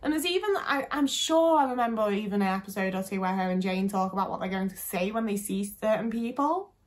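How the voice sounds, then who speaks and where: A woman's voice: mid-range voice, brisk. A young woman talking casually to camera, chatty and full of fillers, with some swearing. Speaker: vlogger.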